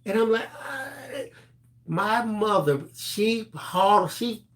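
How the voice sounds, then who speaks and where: A man's voice: high-pitched, slow. A middle-aged man co-hosting a live crafting stream, telling a story in casual chat and acting out the voices of the people in it. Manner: animated storyteller, acts out voices, laughs through lines.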